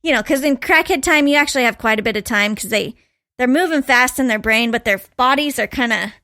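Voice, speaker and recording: Woman, podcast co-host, casual storytelling, high voice, bright tone, animated. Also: brisk. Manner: animated, laughs often, acts out quotes.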